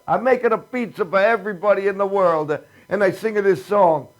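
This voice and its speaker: A man playing a jolly old-country Italian pizza maker with an Italian accent, speaking broken English and laughing at his own jokes. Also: sits high. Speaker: show opener.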